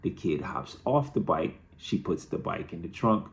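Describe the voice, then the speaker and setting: A middle-aged man hosts a personal storytelling monologue, candid and dryly humorous. His low voice has a gravelly edge, and his pitch rises and falls in lively swings as he talks. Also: moderate pace. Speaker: host.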